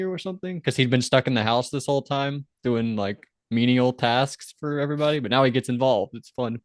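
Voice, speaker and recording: A man's voice: mid-range voice, brisk, hardly any pauses, dry recording, studio quality. A man co-hosting a casual podcast, recapping an episode bluntly, swearing freely and acting out lines in sudden shifts of voice. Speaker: podcast co-host.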